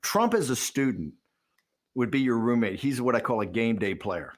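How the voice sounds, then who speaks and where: Animated, storytelling man in his sixties. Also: medium pitch, normal speed. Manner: animated storyteller acting out quoted dialogue. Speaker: interview guest. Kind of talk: candid documentary interview.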